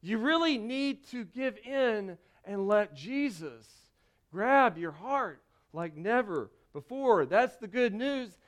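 A young man preaches to his congregation in a lively, conversational way, breaking off for jokes. His voice sits high and sounds smooth and clear. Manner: animated preaching with asides and jokes. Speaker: pastor. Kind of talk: sermon.

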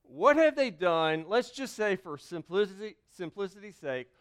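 A man preaches a sermon, reading scripture slowly and stressing key words. His voice sits high and stays smooth and resonant. He drops to quiet asides, then comes back loud. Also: sing-song. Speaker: pastor.

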